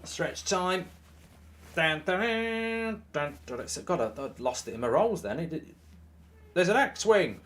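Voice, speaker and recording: A man's voice: fairly high pitch, very animated, moderate pace, slightly rough. A man casually chatting on a live stream, reading out viewer messages with plenty of ums. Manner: chatty, reads chat messages aloud, frequent ums. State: hiccups. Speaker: watchalong streamer.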